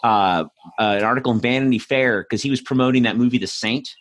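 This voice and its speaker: Talking at a quick pace in a mid-range voice, this man hosts a podcast and answers questions. His casual chat drifts into storytelling, rambling along with plenty of fillers and restarts.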